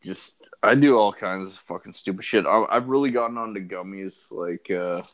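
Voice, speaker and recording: A man's voice: on the low side, normal speed. A man co-hosting a podcast, telling stories in casual, profane chat. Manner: profane, animated storytelling. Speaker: podcast co-host.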